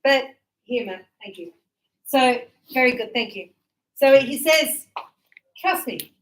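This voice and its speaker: High-voiced animated woman teaching English. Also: a little slow, a little hiss or hum, rough recording. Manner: animated, acts out little example dialogues. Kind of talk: live classroom teaching.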